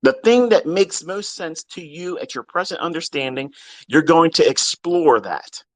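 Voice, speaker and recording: A man's voice: fairly high pitch, animated, unhurried, dry recording. A man who teaches trading, ranting bluntly and with heavy profanity at his followers during a live audio chat, mocking their excuses. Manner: blunt, profane and scolding, with mocking quoted voices. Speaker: trading mentor. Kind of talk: unscripted rant on a live audio space.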